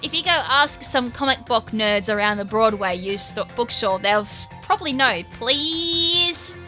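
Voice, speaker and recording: A woman's voice: mid-range voice, normal speed, sharp tone, soft background music. A young Australian woman giving rambling, self-deprecating let's-play commentary as a gaming YouTuber.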